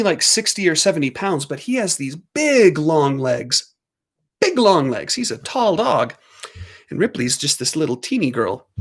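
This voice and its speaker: A man hosting a livestream, telling a casual story at home in an animated way, laughing and doing squeaky voices for his dogs. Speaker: livestream host.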